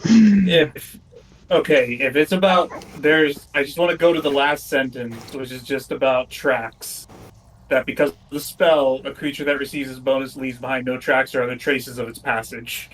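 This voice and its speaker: A man's voice: medium pitch, fairly even intonation, moderate pace, recorded from a distance, poor audio. A man at a tabletop game talks hesitantly and keeps restarting. He sounds set back from the mic, with faint noise around him. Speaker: player.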